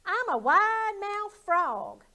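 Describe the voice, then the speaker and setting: A woman voicing a cheery, boastful little male frog in a storybook read-aloud, with a loud, high, sing-song delivery. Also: sing-song, slow, heavily acted.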